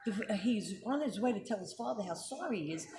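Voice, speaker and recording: Expressive and fast, this host has a medium-pitched voice. The middle-aged woman leads a casual religious commentary, speaking emphatically and peppering listeners with rhetorical questions to make sure they follow; the room is echoey and noisy.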